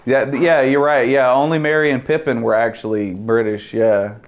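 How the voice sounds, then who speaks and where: A man's voice: mid-range voice, moderate pace, hardly any pauses, highs cut off. A man giving casual, rambling gameplay commentary, joking and laughing at his own jokes. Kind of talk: casual let's-play chat.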